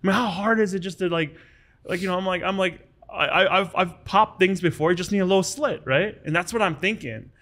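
Speaking fairly quickly in a high-pitched voice, this American man appears as a podcast guest and recounts his story with casual energy. He keeps restarting sentences and performs other people's quoted lines in an animated way.

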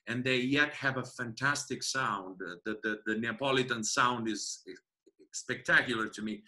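Bright-voiced Italian man. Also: medium pitch. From Italy. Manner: restarts often, searching for words. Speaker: guest musician and tour guide. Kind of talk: casual chat.

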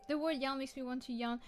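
Bubbly, high-voiced woman art streamer. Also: a little mellow. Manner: bubbly and playful, chatting with her viewers. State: sleepy, fighting off yawns. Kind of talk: casual chat while drawing.

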